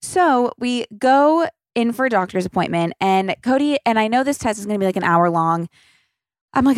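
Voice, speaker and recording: A woman's voice: medium pitch, quick pace, no echo, studio quality. A woman around thirty hosting a casual solo podcast, rambling and chatty with lots of filler words and casual swearing. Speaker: podcast host.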